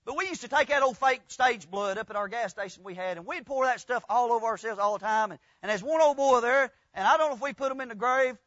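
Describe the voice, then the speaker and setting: A man preaching a folksy, rambling storytelling sermon that builds into loud, fervent preaching. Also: extremely high pitch, dry recording. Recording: dull, lo-fi dry sound.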